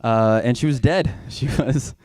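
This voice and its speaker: A young stand-up comic in a small comedy bar rambles through a story that makes fun of himself, occasionally yelling loudly in a high pitch. He takes his time, and the recording is dry and studio quality.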